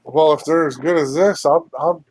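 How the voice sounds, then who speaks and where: A man from the United States co-hosts a podcast via video call, his voice on the high side and a little mellow. His intonation stays fairly even at a moderate pace as he rambles through the casual chat, laid-back and swearing casually.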